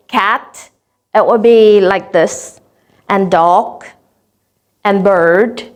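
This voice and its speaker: A woman with a Vietnamese accent giving an instructional lesson on teaching English vocabulary, speaking clearly and deliberately and drawing out example words slowly. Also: fairly high pitch.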